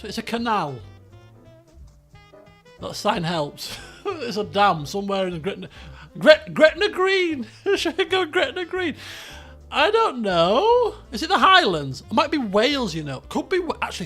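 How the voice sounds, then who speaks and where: High, lively streamer guy. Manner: chatty, thinks aloud, laughs often. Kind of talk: live-stream game commentary.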